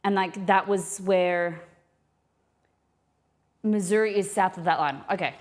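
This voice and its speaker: A woman's voice: fairly low pitch, steady tone, a little slow. A woman streaming a live cooking session, thinking aloud and rambling with many restarts as she works in a home kitchen. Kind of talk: casual live cooking chat.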